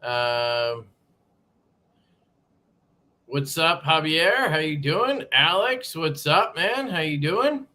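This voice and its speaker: A man's voice: a little high, animated, extremely slow, pauses often, pushed and bright. A man hosting a casual live stream from a sparse room at home, greeting chatters by name in a loose, swearing way. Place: home room being moved into.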